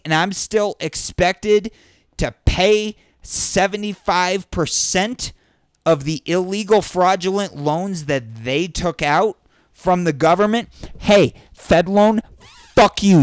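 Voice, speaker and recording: A high-pitched man delivers a fast, profanity-laced rant, flaring into shouted outbursts. His voice is smooth and clear, recorded close and dry with no room sound. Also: no room sound. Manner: angry, sweary, ranting with bursts of shouting. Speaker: vlogger. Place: indoors during a thunderstorm.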